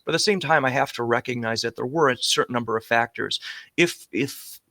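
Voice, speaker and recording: A man's voice: medium pitch, fairly quick, pushed and bright, dry recording. A man speaking as a podcast guest, earnest and hesitant, often restarting his sentences. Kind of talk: casual conversation.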